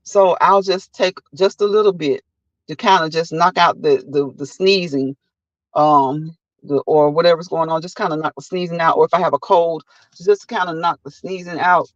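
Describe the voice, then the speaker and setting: A man's voice: fairly high pitch, moderate pace, no room sound, muffled recording. A man hosting a casual live chat who tells stories animatedly, acts out what people said, and laughs often. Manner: animated storytelling, acting out quotes. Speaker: host.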